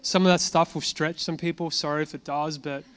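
A man's voice: fairly high pitch, steady tone, brisk, a bit bright, clean tone. A man giving an informal sermon, telling personal testimony in a conversational way and asking and answering his own questions. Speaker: preacher.

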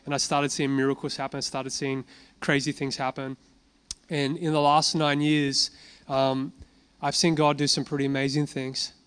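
A man's voice: medium pitch, little pitch movement, normal speed, a bit bright, smooth. A man giving an informal sermon, telling personal testimony in a conversational way and asking and answering his own questions. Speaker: preacher.

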